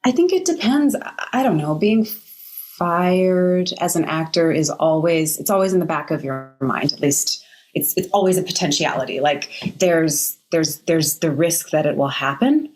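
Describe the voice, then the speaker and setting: Woman, low voice, actress guest, thoughtful, hesitant, casual interview. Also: animated, normal speed, darkish tone.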